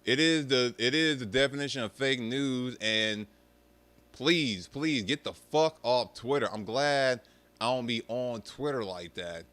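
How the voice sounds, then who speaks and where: A young man ranting casually to his viewers, swearing freely and mocking people in an animated way. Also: medium pitch, a little slow. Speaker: streamer talking about arcade rhythm games.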